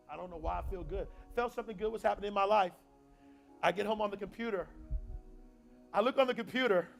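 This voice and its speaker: Young man, motivational speaker, very high voice, gravelly, call-and-response rhythm, faint music behind. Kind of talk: motivational talk. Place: university event hall.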